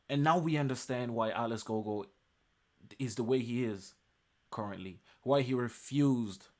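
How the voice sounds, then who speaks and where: A man reviewing a webtoon chapter in an enthusiastic recap, emphatic and repeating phrases for emphasis. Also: fairly low pitch.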